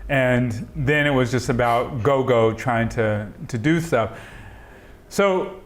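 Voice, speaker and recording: A man's voice: mid-range voice, takes it slowly. A middle-aged man telling stories in an oral history interview over a video call, acting out the dialogue and laughing often. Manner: animated storyteller, acts out quoted dialogue, laughs often. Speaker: interviewee, software entrepreneur.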